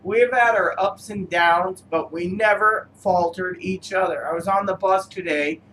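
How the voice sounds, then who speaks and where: A man reviewing cigars who rambles through personal stories, halting often with fillers. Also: high voice, sharp tone, a little hiss or hum, rough recording. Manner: meandering, halting, full of fillers.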